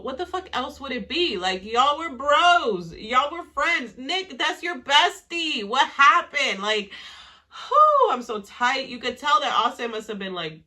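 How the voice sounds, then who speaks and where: A woman's voice: sits high, sing-song, normal speed, pushed and bright. A woman recapping a reality show in casual commentary, ranting in a heated, profane, exasperated way.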